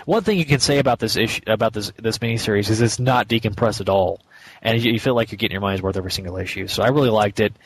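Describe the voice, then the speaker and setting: A man's voice: lowish voice, rapid-fire, breathy edge. A man co-hosting a podcast, talking eagerly about a comic issue with many restarts and easy laughter. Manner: enthusiastic, stumbling restarts, laughs easily. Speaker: podcast co-host. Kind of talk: casual comic book review chat.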